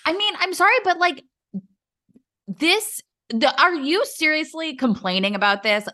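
Female co-host, high and sharp-toned, blunt, swears casually. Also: expressive, a little slow. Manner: exasperated, swears freely, many fillers. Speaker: podcast co-host. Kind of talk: casual chat.

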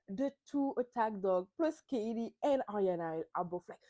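A woman's voice: medium pitch, animated, slow pace, few pauses, warm tone, no echo. A woman hosting a podcast, recapping reality TV in a casual, emphatic way and swearing freely. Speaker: podcast host.

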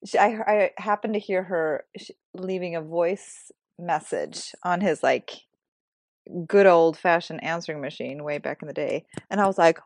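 A woman's voice: lowish voice, moderate pace, no echo. A middle-aged woman hosting a casual chat, laughing often and asking her guest friendly questions. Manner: giggly, friendly, asks questions. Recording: dry close recording.

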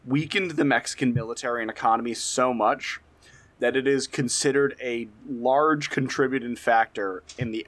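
A man's voice: mid-range voice, fairly bright tone. A man co-hosting a comedy podcast, telling a history story in casual chat, swearing freely and laughing often. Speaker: podcast co-host.

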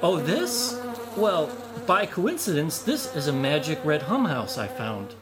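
A man voicing a sly, boastful male fox trickster in a folk tale, pitched well up and swinging widely in tone. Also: very animated, measured pace, a crowd in the background. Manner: scheming, later furious and yelling.

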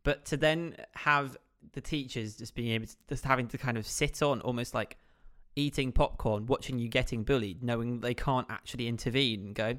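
Animated podcast co-host, man. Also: medium pitch, moderate pace. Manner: animated, teasing, laughs readily. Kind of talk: casual chat.

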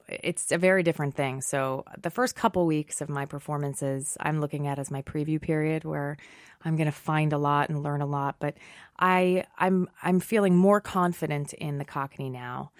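A stage actress in her thirties talks through an interview with easy, self-deprecating humor. Her woman's voice sits low and the sound is dry and close, with no room around it. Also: fairly even intonation, no room sound. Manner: chatty, self-deprecating, quick to laugh. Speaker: Broadway actress guest. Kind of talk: casual interview chat.

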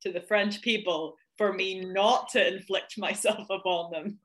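A woman's voice: medium pitch, steady tone, measured pace, fairly bright tone. A woman from Ireland, an author and guest on a podcast, talking casually with self-mocking humor and many fillers. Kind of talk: casual chat.

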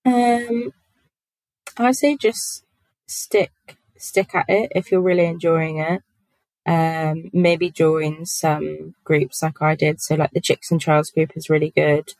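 Guest spot: low-pitched woman, chatty and giggly, dry close-mic sound. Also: fairly even intonation, slow, darkish tone, no echo, low-quality recording. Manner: giggly, chatty, many fillers. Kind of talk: casual podcast chat.

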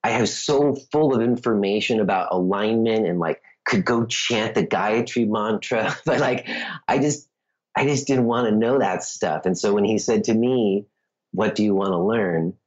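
A man's voice: fairly low pitch, normal speed, dull audio. Chatty man telling a long story. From United States. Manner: chatty, many "like"s, laughing asides. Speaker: yoga teacher, guest. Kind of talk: casual storytelling.

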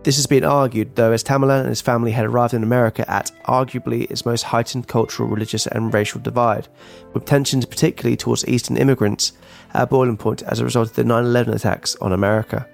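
A man co-hosting a true-crime podcast, reading his script briskly and teasing his co-host dryly. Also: medium pitch, little pitch movement, vocal fry, soft background music.

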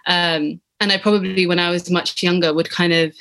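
A young woman with a British English accent, talking in a relaxed, reflective way as the interviewee, often pausing and restarting her sentences. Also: lowish voice. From England. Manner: hesitant, many restarts and fillers. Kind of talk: casual reflective chat.

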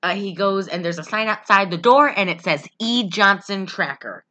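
A woman's voice: medium pitch, normal speed, sharp tone. A woman chatting casually on a podcast, recapping a movie in a rambling way, laughing often and acting out lines. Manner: giggly, rambling, acts out quotes.

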